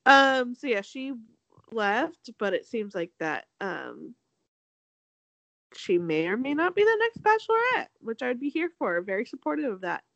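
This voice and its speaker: Animated, chatty young woman with a dry sound. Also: a little slow, gravelly, no echo, highs cut off. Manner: chatty, laughs often, acts out quotes with big pitch jumps. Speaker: podcast co-host. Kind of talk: casual chat recapping a reality show.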